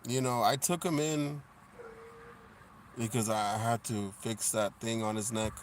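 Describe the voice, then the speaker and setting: A man's voice: medium pitch, steady tone, unhurried, a little hiss or hum. Profane, laid-back male live streamer. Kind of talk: casual live-stream chat.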